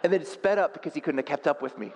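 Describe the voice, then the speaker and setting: Guy pastor preaching, goes quiet then gets loud and animated, jokes at himself, big echoey church hall. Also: on the high side, fast, lo-fi sound, noisy background. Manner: self-deprecating humor. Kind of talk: sermon.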